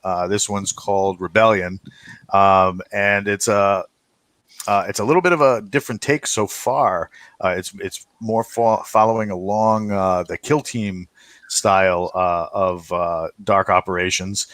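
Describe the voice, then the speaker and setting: Guy hosting a podcast, kinda low voice, dry sound, laughs a lot, says uh constantly. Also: fairly even intonation, a little slow, fairly bright tone, no echo. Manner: laughs often, many fillers and restarts. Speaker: podcast host. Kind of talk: casual group chat.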